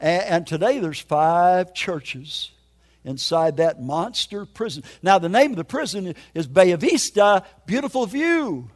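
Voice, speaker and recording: A man's voice: high voice, expressive, a little slow. An older man preaching his testimony in an emphatic, folksy storytelling way. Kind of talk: sermon testimony.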